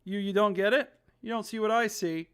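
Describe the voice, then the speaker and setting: A streamer reading aloud the lines of a troubled young man from a story game in a plain, flat voice. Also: mid-range voice, fairly quick, clean tone, lightly acted. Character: troubled young man stuck in a time loop.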